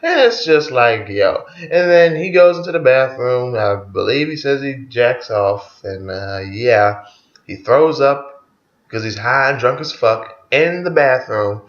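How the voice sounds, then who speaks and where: A man's voice: mid-range voice, expressive, a little slow. A man giving a loose, profane, casual track-by-track review of an album, chuckling often as he talks. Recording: roomy, dull lo-fi recording.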